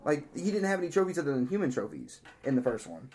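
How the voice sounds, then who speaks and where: A man's voice: on the high side, fast talker. A man co-hosting a casual podcast, eagerly retelling movie scenes with sound effects. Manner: excited, animated retelling of scenes. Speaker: podcast co-host.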